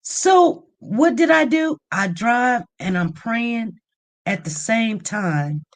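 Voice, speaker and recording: Woman, livestream host, casual storytelling, animated, swings to loud near-shouts. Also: fairly high pitch, takes it slowly. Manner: animated, rising to near-shouts when upset.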